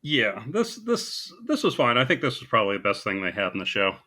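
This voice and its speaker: A man co-hosting a podcast in casual chat, with measured, understated remarks that often begin hesitantly. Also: mid-range voice, wildly swooping pitch, bright, forceful tone. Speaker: podcast co-host.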